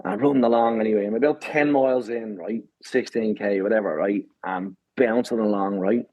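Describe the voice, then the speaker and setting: A man's voice: fairly low pitch, brisk, no room sound, dull audio. A man telling a story with lots of swearing and repeated "right?". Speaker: guest runner. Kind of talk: animated storytelling.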